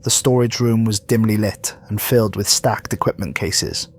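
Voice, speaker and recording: A man reading a scripted horror story in a measured, somber way. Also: on the low side, steady tone, a little hiss or hum. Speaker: narrator.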